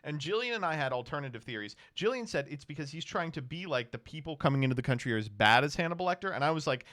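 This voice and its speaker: A man streaming casual reaction commentary, animated, swearing freely and laughing often. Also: on the high side, fast talker, no echo, clean studio sound.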